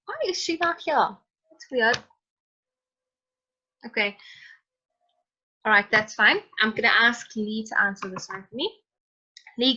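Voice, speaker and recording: Woman teacher on a video call, kinda high bright voice, patient, calls on kids by name. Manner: patient, prompting students by name. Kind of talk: online chemistry lesson. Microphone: computer mic on a video call. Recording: dull lo-fi online call audio.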